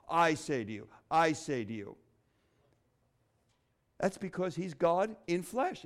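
A middle-aged man preaches with a high voice that leaps up and down in pitch. He speaks expressively, with dramatic pauses and flashes of humor. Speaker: pastor. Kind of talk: sermon.

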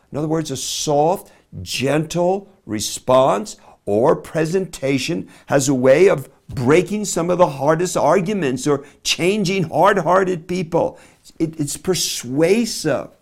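A middle-aged man preaching a sermon, swinging from loud emphasis to very soft, slow words. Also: fairly high pitch. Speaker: pastor.

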